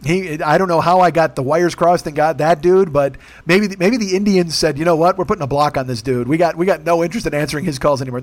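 A man's voice: a little high, quick pace, few pauses. A man telling a profane, comic story as a rant, acting out the people he quotes in put-on voices. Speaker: podcast host.

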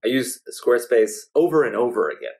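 A man co-hosting a podcast, trading deadpan jokes in casual chat. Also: medium pitch, brisk. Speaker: podcast co-host.

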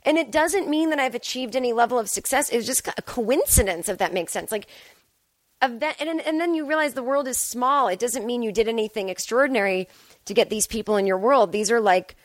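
A woman in her forties hosting a podcast from home, talking casually and swearing freely, acting out quotes in a higher voice. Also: brisk, no echo. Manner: chatty and profane, acts out quotes in a higher voice. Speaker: podcast host. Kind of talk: casual solo monologue.

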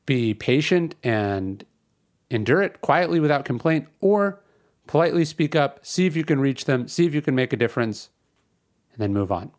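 Animated and speaking at a normal speed, a man in his thirties hosts a podcast with a mid-range voice. His commentary starts out casual but turns into an emphatic, repetitive rant.

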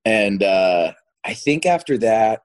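A male actor in his thirties, guesting on an interview, speaks slowly in a lowish, expressive voice. He chats casually, laughs often, and keeps restarting his sentences.

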